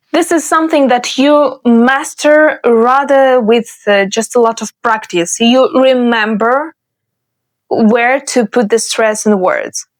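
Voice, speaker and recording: Slow, careful woman language teacher. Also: on the high side. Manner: slow, careful modelling of words. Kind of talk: explanatory online lesson.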